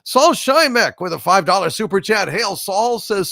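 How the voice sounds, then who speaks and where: A male host in casual livestream chat, reading viewer messages aloud and answering them bluntly, with plenty of swearing and jokes. His voice sits a little high and is gravelly, and his pitch swings widely. The sound is dry and close. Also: very animated, a little slow, few pauses, bright, forceful tone, no echo. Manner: blunt, profane and joking.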